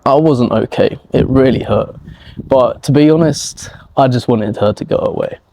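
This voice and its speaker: A man telling a personal story slowly and clearly for language learners, acting out the scenes as he goes. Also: medium pitch, dry recording. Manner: animated, acts out scenes and quotes.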